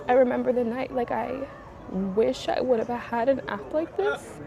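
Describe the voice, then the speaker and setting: A young woman in her twenties vlogging casually, emotional and excitable, gushing over her new app. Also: fairly high pitch, normal speed, creaky. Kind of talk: casual vlog chat.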